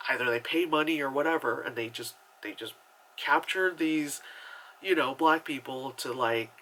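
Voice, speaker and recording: A man's voice: medium pitch, sharp tone, rough recording. A man reviewing a movie in a casual, rambling chat full of asides and fillers.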